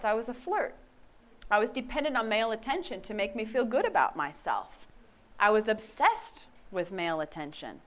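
A woman's voice: a little high, big pitch swings, moderate pace. A woman in her forties giving a candid, self-mocking personal faith testimony. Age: 40s.

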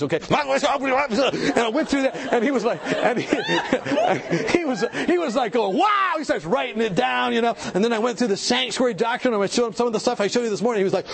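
A man giving an animated church seminar talk, telling stories, acting out the people in them and asking the audience questions. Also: high voice, creaky. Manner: animated storytelling, acts out quoted people. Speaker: health speaker.

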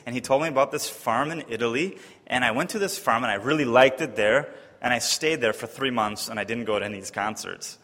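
Guy from wisconsin telling his testimony, lively, does the voices, mid pitch, long hall reverb. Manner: lively, acts out quoted voices, often pitching up high in disbelief. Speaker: speaker giving a personal testimony. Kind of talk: personal testimony storytelling.

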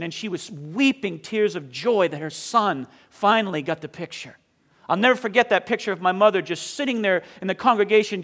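A man's voice: high-pitched, a bit bright. A male pastor from southern Maine, probably in his thirties, preaching a sermon in an earnest manner that builds intensity on key points.

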